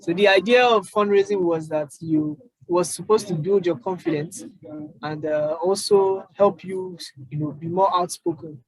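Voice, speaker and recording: A young Nigerian man telling his own story as an interview guest, halting with many fillers and restarts. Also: high voice, steady tone, slightly rough, dry recording, low-quality recording. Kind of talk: casual interview chat.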